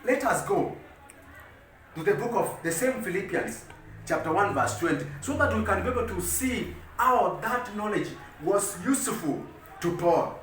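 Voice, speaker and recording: A man preaching a sermon as an evangelist, reading scripture slowly and building his points with rising emphasis. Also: high voice, animated, fairly bright tone, slight background noise. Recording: very echoey room, heard from a distance.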